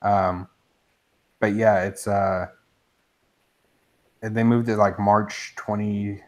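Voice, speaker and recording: A man co-hosting a casual live-streamed hobby talk show, excitable and joking. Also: on the low side, slow pace. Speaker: podcast co-host.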